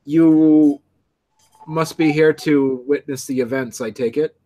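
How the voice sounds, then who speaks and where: A man's voice: a little high, steady tone, takes it slowly, warm tone. A man voicing a wildly smiling old-fashioned male winter fairy with a thick, dated Irish brogue, earnest and a little hesitant. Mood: welcoming.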